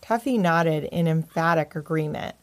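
A woman narrating a children's story in a gentle, expressive way. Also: deep voice, normal speed.

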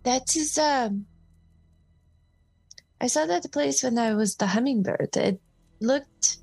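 A woman's voice: on the high side, takes it slowly, creaky, darkish tone, husky, no echo. A woman playing a tabletop game, speaking hesitantly and tentatively. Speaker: player. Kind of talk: casual tabletop play.

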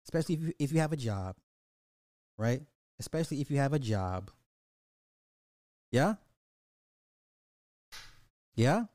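A man's voice: medium pitch, animated, measured pace, long pauses, a little mellow, dry recording. Profane ranting man, dry podcast. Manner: profane, mocking, scolding the listeners. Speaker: podcast host. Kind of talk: ranting social commentary.

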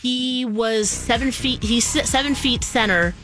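A woman co-hosting a morning radio show, chatting casually and reacting quickly. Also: fairly high pitch.

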